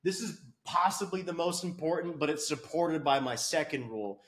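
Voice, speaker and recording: Brief: crude, loud-mouthed male fitness coach, high voice, big swings, comedic rant. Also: expressive, normal speed. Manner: brash, crude, swearing, mocking. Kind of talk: profane comedic rant to camera.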